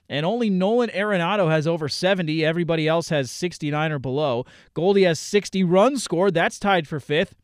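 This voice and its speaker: A man with a slightly high voice hosts a fantasy baseball show, running through player numbers in a brisk list. He drops deadpan asides between the stats. The recording is close and dry, with no room sound. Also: dry recording. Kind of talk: stats rundown on a podcast.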